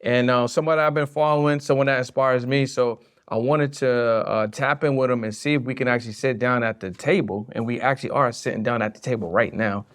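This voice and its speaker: A man's voice: mid-range voice, fairly even intonation, fairly quick, few pauses, clear, resonant tone. A man hosting a podcast, talking in a laid-back, slangy, upbeat way. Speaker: podcast host. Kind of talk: casual interview chat.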